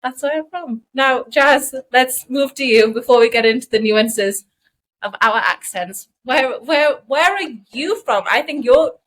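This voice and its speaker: A woman from Newcastle with a softened Geordie accent, co-hosting a casual podcast and explaining things in a measured, thoughtful way. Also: sits high, low-quality recording. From Newcastle upon Tyne, England. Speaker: podcast co-host. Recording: recorded remotely, sound slightly off.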